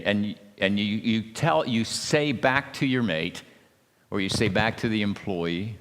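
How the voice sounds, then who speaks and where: A man, an ordained minister, giving a folksy, anecdotal talk at a church marriage seminar and gently teasing his audience. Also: fairly low pitch. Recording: reverberant hall sound.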